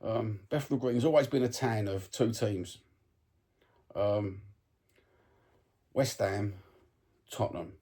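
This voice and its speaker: Cockney bloke moaning about football into his phone, low dark husky voice, lots of ums. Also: slow pace, long pauses. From East London, England. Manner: blunt, sweary, exasperated, lots of ums. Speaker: football fan vlogger. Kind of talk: casual ranting monologue to camera.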